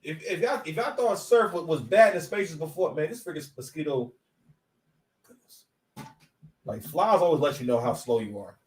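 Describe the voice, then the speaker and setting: A man's voice: on the high side, animated, fairly quick, few pauses, a little mellow, far from the mic. A man giving casual battle rap commentary at home, rambling and joking with lots of stop-and-start repeats. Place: at home with his son nearby. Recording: echoey room, voice from off-mic.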